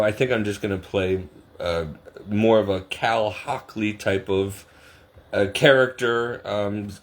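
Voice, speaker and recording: Middle-aged man, slightly low voice, loose rambling vlog chat, self-mocking, quick to laugh. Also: slight background noise. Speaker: vlogger. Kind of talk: casual chat to camera.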